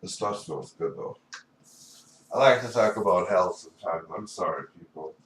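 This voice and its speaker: Man, low voice, rambling profane monologue, distant mic, roomy echo. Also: normal speed. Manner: rambling, profane, repeats "you know". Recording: echoey room, voice far from mic, faint background noise.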